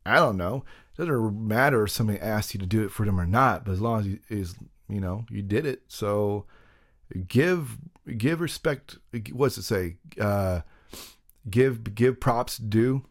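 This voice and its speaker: A man's voice: on the low side, measured pace. A man hosting a podcast, talking in a casual, rambling monologue full of jokey self-deprecating asides. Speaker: podcast host.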